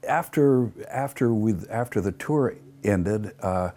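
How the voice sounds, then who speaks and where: A man's voice: fairly low pitch, slow pace. A man telling tour stories in a casual interview, acting out the people he quotes and swearing freely. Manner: animated storyteller acting out quotes, many fillers; profane, blunt. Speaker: interview guest. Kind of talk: casual storytelling.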